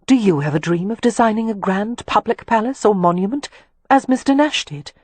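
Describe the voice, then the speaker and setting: A woman narrator voicing a sharp, skeptical young lady companion with a prim, questioning manner. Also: mid-range voice, lively intonation, a little fast, no room sound, voice pushed up, close to an everyday voice. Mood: curious.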